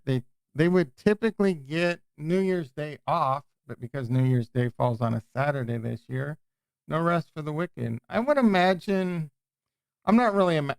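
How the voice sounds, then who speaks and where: A man's voice: medium pitch, gravelly, clean tone, dry recording. A man hosting a casual livestream, chatting in a rambling way and often breaking off and restarting his sentences. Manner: rambling, self-interrupting, chatty. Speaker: crypto livestream host.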